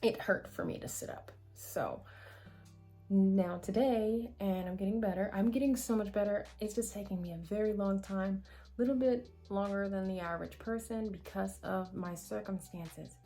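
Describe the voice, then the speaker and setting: Chatty woman vlogging over soft music. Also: medium pitch, normal speed, vocal fry. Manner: chatty and candid, with rambling asides and self-corrections. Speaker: vlogger answering viewer questions. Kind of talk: casual chat to camera.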